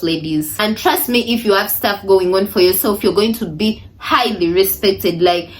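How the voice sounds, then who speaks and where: A young woman vlogger giving casual, emphatic dating advice straight to her viewers, often saying "you know" and "ladies". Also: mid-range voice.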